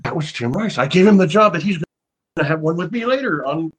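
A man's voice: a little high, animated, fast talker, slightly rough. An older man, an actor guest, telling anecdotes in a casual interview, rambling with frequent restarts. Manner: rambling, restarts often, laughs.

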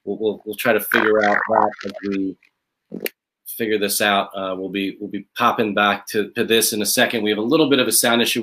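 A man's voice: fairly low pitch, background noise. Rambling man hosting an online series. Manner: rambling, repetitive, upbeat promoting. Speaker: host of a leadership interview series. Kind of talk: hosting a live online interview.

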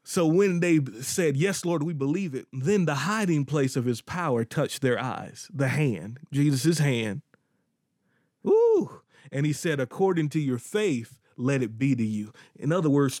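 A man's voice: a little high, a little mellow, dry recording, studio quality. A man preaching a podcast sermon, repeating phrases for emphasis and breaking into sudden whoops and exclamations.

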